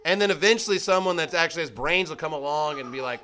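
A man's voice: on the high side, expressive, fast talker, pushed and bright. A man preaching a sermon, reading scripture and mocking excuses in quoted voices. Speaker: pastor.

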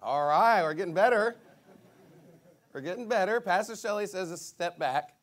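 A pastor with a high voice preaches at normal speed. He's lively and playful, leading children in a game and calling out to the crowd between scripture readings.

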